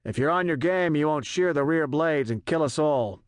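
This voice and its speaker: A man's voice: a little high, normal speed, smooth, dry recording, studio quality, pitched above the performer's own voice, natural voice. A male narrator voicing a ruthless rebel general who gives hard, threatening orders. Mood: commanding.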